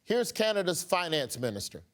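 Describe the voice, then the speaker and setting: A man hosting a comedy news panel show, quick and wry, reading setups and poking fun at the guests. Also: high voice. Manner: quick, wry and animated, laughing at his own jokes. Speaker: host. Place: TV studio with a live audience.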